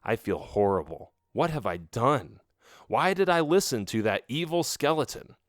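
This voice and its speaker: A man's voice: medium pitch, very animated, moderate pace, dry recording. A man narrating a children's audiobook in the first person, reading expressively into a close mic.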